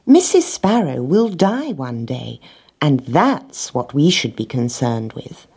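A fussy little hen from a storybook, pitched up and full of purpose, as a woman puts her on, with a husky edge and lively, bouncing intonation. She lays out her plans earnestly and bossily. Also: slow pace, heavily acted. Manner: earnest, persuasive, bossy. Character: fussy, determined hen, female, small.

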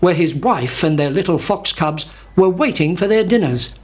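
A storyteller reading a children's fable aloud in a steady, listing cadence. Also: mid-range voice, moderate pace, slightly rough.

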